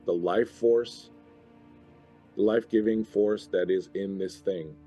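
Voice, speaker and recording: A hoarse man who is losing his voice, narrating a tabletop game as dungeon master in slow, measured phrases. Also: fairly low pitch, fairly even intonation, warm tone, faint music behind.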